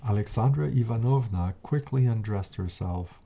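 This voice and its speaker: Male narrator, deep and dark-toned, slow measured reading of a classic tale. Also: vocal fry. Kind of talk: storybook reading. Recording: dull lo-fi recording.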